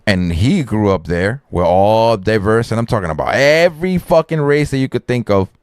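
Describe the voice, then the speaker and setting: A man, hosting a live stream and chatting casually, telling animated stories and acting out voices. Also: lowish voice, moderate pace, clear, resonant tone, no room sound. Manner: animated storytelling, acts out voices, swears a lot. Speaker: streamer host. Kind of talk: casual chat.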